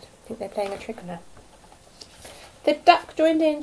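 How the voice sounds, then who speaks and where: A woman teacher reading a picture book aloud to young children, gentle and lively with hushed asides. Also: fairly high pitch, normal speed, rough recording. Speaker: primary school teacher.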